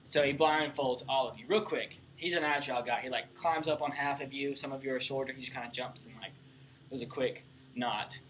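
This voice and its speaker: A man's voice: mid-range voice, fairly even intonation, fairly quick, a bit bright, slight background noise. A young man narrating a tabletop game as dungeon master, in a casual way with fillers. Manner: casual, with fillers while describing scenes.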